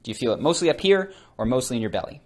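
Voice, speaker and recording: A man teaching about voice and presence in an animated, conversational way, calling himself a fast speaker. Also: mid-range voice. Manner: animated and conversational, demonstrating voice techniques; self-described fast speaker. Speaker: charisma coach. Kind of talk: instructional talk to camera.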